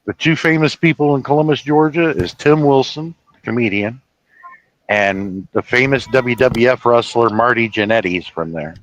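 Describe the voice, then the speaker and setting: A man's voice: mid-range voice, moderate pace, fairly bright tone, no room sound. A trucker rambles through his stories from the cab, tripping over restarts and dropping the odd curse. His voice sits in a middle register and comes through a little dull and lo-fi, with a dry, close sound and no room around it. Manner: storytelling with swearing and restarts. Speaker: truck driver streaming. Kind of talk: casual rambling chat.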